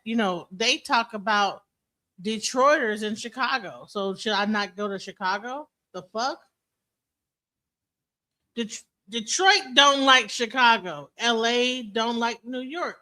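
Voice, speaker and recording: A woman DJ hosting a livestreamed chat, talking in an animated, blunt and profane way. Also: a little high, rough recording. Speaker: host, DJ.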